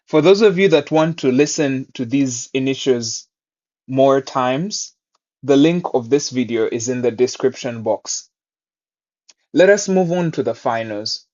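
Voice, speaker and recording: A man walks learners through a Mandarin lesson, patient and encouraging, with unhurried, deliberate phrasing. His voice sits at an ordinary middle pitch. The recording sounds a little dull and lo-fi. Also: lively intonation, a little mellow. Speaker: Mandarin teacher. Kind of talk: online language lesson.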